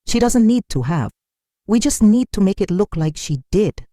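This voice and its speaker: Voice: mid-range voice, big pitch swings, normal speed, warm tone, no room sound, studio quality, voice pushed up, lightly acted. A narrator voicing a bitter, scheming senior male executive who talks in a cold, plotting way.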